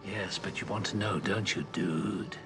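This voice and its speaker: An actor over sixty playing an older lord who tells old secrets in a grave, measured way, heard in a movie clip. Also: male voice, sits low, steady tone. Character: old English lord telling secrets, solemn. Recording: movie clip with music underneath.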